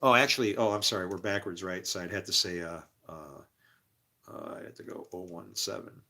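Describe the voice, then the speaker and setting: A man delivering a rambling religious monologue, swinging from low mumbles to shouting and laughing to himself. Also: a little fast.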